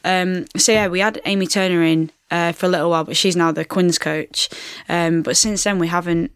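A young woman talks in a loose, chatty way, circling back over her points and dropping in plenty of fillers. Her voice has a gravelly, creaky edge, and the recording is dry and close, with no room sound. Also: lowish voice, steady tone, a little fast, no echo. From England. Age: 20s. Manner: chatty, repeats herself, many fillers. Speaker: rugby player guest. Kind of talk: casual interview chat.

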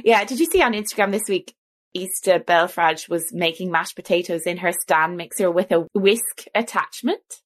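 A woman's voice: fairly low pitch, moderate pace. A young woman with an Irish accent, co-hosting a casual podcast chat about a cookbook, chatty and laughing often. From Ireland. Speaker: podcast co-host.

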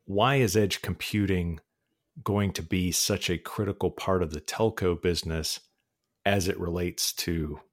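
A man hosting a podcast, chatting casually with relaxed delivery and frequent ums. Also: sits low, measured pace. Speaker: podcast host. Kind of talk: casual podcast chat and interview questions. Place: North Texas.

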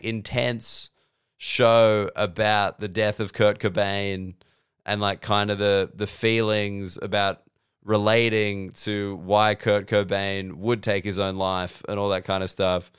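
A man's voice: fairly low pitch, fairly bright tone, clean tone. A man with an Australian accent, a comedian hosting a solo podcast, rambling and self-deprecating, swearing freely. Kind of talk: solo casual podcast monologue.

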